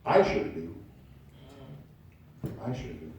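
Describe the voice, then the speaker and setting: Man, pastor, sermon, mellow voice, animated storytelling, very echoey church, distant mic. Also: low voice, slow, slight background noise. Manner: animated storytelling preacher, acting out little scenes. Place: church sanctuary.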